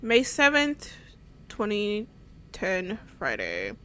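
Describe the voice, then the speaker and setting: A woman's voice: medium pitch, wildly swooping pitch, slow pace, bright, forceful tone, smooth. A woman gaming streamer giving casual commentary, giggling, stumbling over words as she reads aloud, and swearing casually. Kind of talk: casual let's-play commentary.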